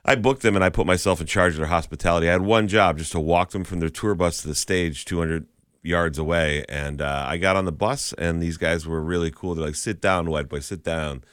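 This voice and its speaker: Deep-voiced wry man telling stories. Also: steady tone, brisk, fairly bright tone, smooth, dry recording, clean studio sound. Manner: wry, joking storyteller. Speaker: radio co-host. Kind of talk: casual banter and anecdotes.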